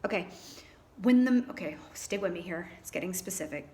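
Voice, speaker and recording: With a lowish, darkish voice, lively intonation and a fairly quick pace, a woman reads tarot cards to camera. Her manner is theatrical and stage-trained, chatty throughout, and she addresses viewers as honey and darlings.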